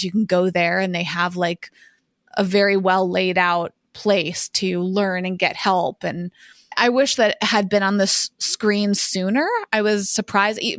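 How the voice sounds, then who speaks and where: A woman speaks at length in a measured, reflective way. Her voice sits at an ordinary pitch for a woman. The recording is dry and close, with no room echo. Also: fairly bright tone. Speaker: podcast co-host. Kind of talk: casual conversation.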